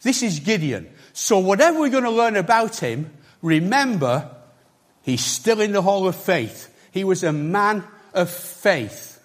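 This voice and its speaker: A man's voice: high-pitched, sing-song, a little slow. A man preaching a sermon in a conversational, emphatic way, with chatty asides to the congregation.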